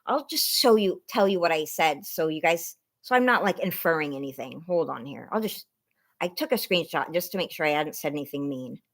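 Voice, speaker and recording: A woman's voice: low-pitched, expressive, brisk. A woman vlogger talking casually to her viewers in a rambling, self-conscious way, laughing between thoughts and close to tears.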